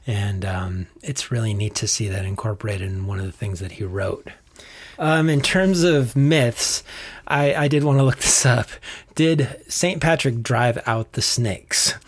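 A man's voice: mid-range voice, unhurried, slightly rough. A man co-hosting a casual faith podcast, reading passages aloud and then talking with restarts. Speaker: podcast co-host.

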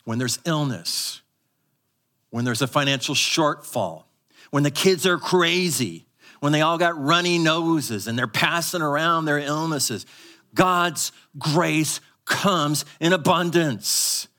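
Pushed and bright, his slightly high voice carries a live sermon at church. The male pastor teaches with emphasis, calls on the audience to repeat words, and moves between brisk asides and deliberately slow, stressed phrases.

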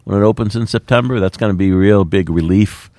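A man's voice: on the low side, brisk, a little mellow, no room sound, studio quality. A middle-aged man, a mayor speaking in a plainspoken, folksy way with plenty of fillers. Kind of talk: radio interview talk.

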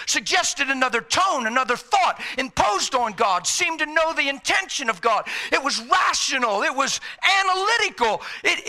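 A man preaching a sermon with passion, swinging between shouts and hushed, quiet lines. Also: extremely high pitch.

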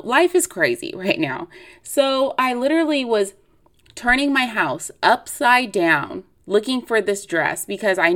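A woman's voice: fairly low pitch, a bit bright. A woman in her late twenties hosting a podcast, telling a personal story in a chatty, confessional way with lots of fillers. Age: late 20s. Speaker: podcast host. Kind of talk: casual personal chat.

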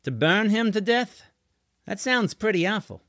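A man's voice: high voice, animated, measured pace, a bit bright, no echo, pitched above the performer's own voice, full character voice. Storybook role: blunt young woman guide played by a man, skeptical and curt, dry close recording. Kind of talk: storybook reading.

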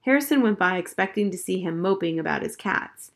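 A woman narrating a children's novel aloud in a clear, measured storytelling manner. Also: on the low side, animated. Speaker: audiobook reader.

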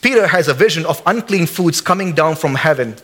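A pastor preaching a lively sermon in church, acting out quotes and jokes. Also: male voice, a little high, brisk. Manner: animated, acts out quotes and jokes.

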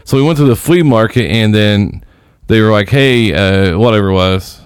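A man's voice: on the low side, normal speed, clean tone, no echo, clean studio sound. A man hosting a podcast, telling rambling travel stories in casual chat, swearing freely. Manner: rambling, profane, acts out other people's voices. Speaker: podcast host.

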